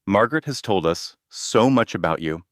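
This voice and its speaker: A man's voice: lowish voice, expressive, moderate pace, no room sound, clean studio sound, lightly acted. A man voicing a polite, professional woman greeting someone. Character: polished, professional woman guest.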